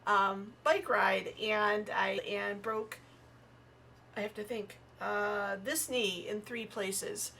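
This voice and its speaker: A woman's voice: mid-range voice, takes it slowly, a little hiss or hum. A woman comedian and podcast guest chatting casually and telling personal stories, acting out the voices of the people in them. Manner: animated, acts out voices in her stories. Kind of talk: casual storytelling chat.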